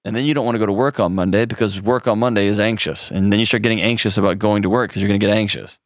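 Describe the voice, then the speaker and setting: A man's voice: fairly low pitch, steady tone, very fast, no room sound, clean studio sound. A man hosting a call-in advice show, coaching a caller in an earnest, direct way with frequent restarts.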